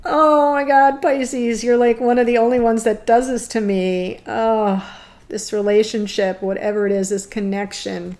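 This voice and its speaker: A woman's voice: mid-range voice, fairly even intonation, normal speed, dark tone. A woman giving a tarot reading to camera, gushing and tearful, laughing through her emotion. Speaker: tarot reader.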